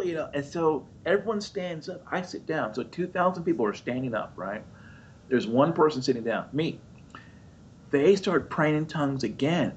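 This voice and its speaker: Man preaching, lively storyteller, jumps up into squeaky voices, dull lo-fi sound, faint rumble behind. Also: moderate pace. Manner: animated storyteller acting out his own voice and others, high squeaky jumps. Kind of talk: sermon storytelling.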